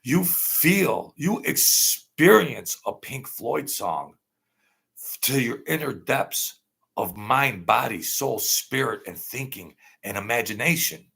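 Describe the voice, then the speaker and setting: A man hosting an unscripted live-stream chat, rambling and animated, laughing often as he talks. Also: medium pitch, takes it slowly, creaky, breathy edge. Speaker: channel host.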